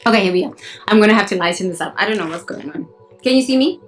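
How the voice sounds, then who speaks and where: A woman's voice: mid-range voice, rapid-fire, loud music behind the voice, low-quality recording. A woman from Africa, a spiritual coach preaching bluntly and emphatically to her phone camera outdoors in the sun, repeating herself for effect. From South Africa. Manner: emphatic, blunt and fiery, with swearing and repetition. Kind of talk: preachy self-help monologue to camera.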